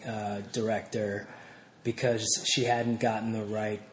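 A man's voice: lowish voice, level tone, measured pace, roomy sound. A man guest in a casual interview, talking candidly with many fillers and restarts.

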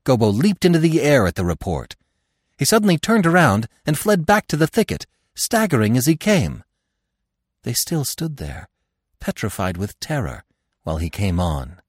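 A man narrating a classic novel in an expressive, dramatic storytelling manner. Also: medium pitch, moderate pace, husky, no room sound, clean studio sound.

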